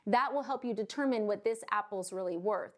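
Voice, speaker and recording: A woman mortgage loan officer explains home buying in a casual, chatty way, speaking briskly at medium pitch. She sprinkles in "right?" and "okay?", jokey asides, and acted-out quotes.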